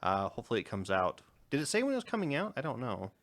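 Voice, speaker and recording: A young man co-hosting a podcast, chatting casually in a rambling, animated way and laughing often. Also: medium pitch, quick pace. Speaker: podcast co-host. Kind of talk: casual chat.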